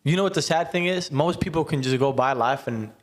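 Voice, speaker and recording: A man's voice: fairly high pitch, a little fast. A man on a casual podcast speaking frankly and confessionally, filling his talk with "like" and "honestly.". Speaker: podcast co-host.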